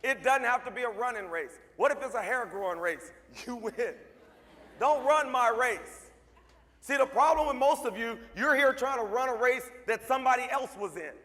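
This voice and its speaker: A man with a high-pitched voice delivers a motivational speech at a school assembly, firing short punchy lines and teasing the students in front of him. His voice carries a long reverb from the large hall. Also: moderate pace, sharp tone. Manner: punchy, joking, talks straight to the crowd. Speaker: motivational speaker.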